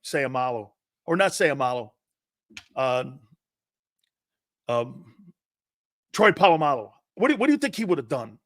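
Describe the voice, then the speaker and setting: A man's voice: on the high side, a bit bright, no room sound, studio quality. Brash, profane male sports talk host. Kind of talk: live-streamed sports talk reading viewer chats.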